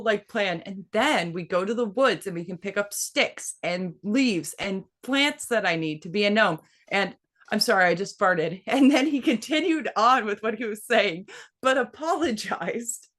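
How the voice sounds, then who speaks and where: Profane woman telling a story casually. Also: moderate pace. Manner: profane, animated, quotes her son in a high voice.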